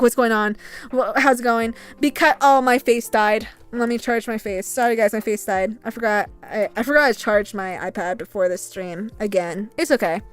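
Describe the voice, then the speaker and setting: A young adult woman streamer chatting casually and telling a rambling, animated story, swearing freely as she goes. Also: a little high, smooth. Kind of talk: casual livestream chat.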